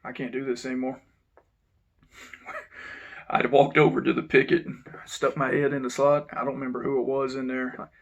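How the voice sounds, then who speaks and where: Gravelly ex-guard, blunt storyteller, mid-pitched, swears casually. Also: male voice, flat delivery, moderate pace, lo-fi sound. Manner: blunt, frank, swears now and then. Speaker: former correctional officer. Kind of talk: casual first-person storytelling.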